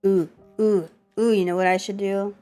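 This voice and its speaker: A woman streamer with a cold, chatting casually and excitably with her chat, swearing and scolding them playfully. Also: mid-range voice, normal speed, clear, resonant tone, soft background music. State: has a cold, coughing.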